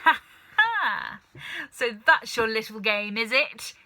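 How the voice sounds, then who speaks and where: A bellowing, bad-tempered old grandmother from a children's storybook, as a woman reader puts her on. She drags out her words, pitched high and loud, hurling accusations in a bright, cutting tone. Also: sing-song, slow pace, full character voice. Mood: accusing. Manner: shouting, accusing.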